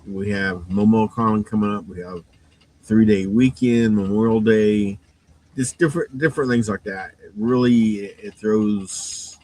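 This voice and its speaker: Man, low voice, rambling casual shop update, tired, faint background hum. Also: fairly even intonation, unhurried, warm tone, rough recording. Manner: rambling, many fillers and restarts. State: yawning, tired. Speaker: game store owner.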